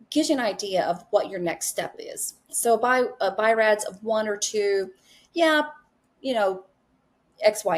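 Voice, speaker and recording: A middle-aged woman, a nurse practitioner, telling a story in casual chat and acting out the dialogue. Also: medium pitch. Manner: animated, acts out quoted dialogue.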